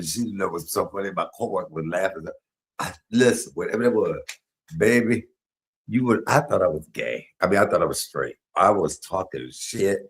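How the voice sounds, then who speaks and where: A man's voice: deep voice, creaky, poor audio. A middle-aged man, telling stories on a home cooking livestream, chatty and laughing. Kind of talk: casual storytelling while cooking.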